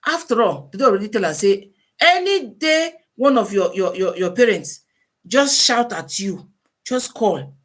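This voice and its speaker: A woman with a Nigerian Pidgin English accent, hosting a casual live-stream advice talk, animated and full of rhetorical questions. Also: mid-range voice, unhurried.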